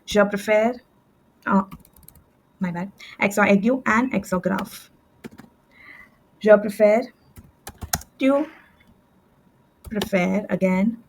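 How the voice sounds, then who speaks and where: A woman tutoring French, explaining verb endings step by step with fillers and quick self-corrections, at a desk with a computer mic. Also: medium pitch, steady tone, a little hiss or hum, poor audio. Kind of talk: screen-share language lesson.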